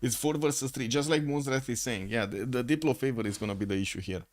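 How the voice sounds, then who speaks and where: A man commentates a strategy game match live, his voice sitting at an ordinary middle pitch. He thinks aloud as he goes, filling pauses and restarting sentences while he reads the board. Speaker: esports caster.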